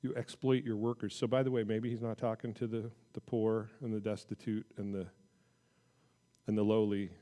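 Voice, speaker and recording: A man giving an informal Bible teaching with a mellow, relaxed tone. He talks conversationally, with rising emphasis when he reads scripture aloud. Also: fairly low pitch, moderate pace. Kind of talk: casual midweek Bible teaching.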